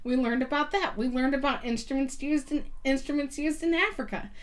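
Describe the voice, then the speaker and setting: A woman's voice: sits high, steady tone, a little fast. A woman guest on a podcast, chatting casually and telling stories with lots of ums and likes, laughing easily. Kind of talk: casual chat.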